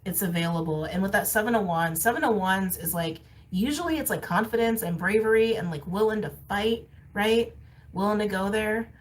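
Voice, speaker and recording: A woman's voice: medium pitch, normal speed, recorded from a distance, poor audio. Candid woman giving a tarot reading. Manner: candid, laughs often, repeats phrases for emphasis. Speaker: tarot reader. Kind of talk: casual intuitive reading to camera.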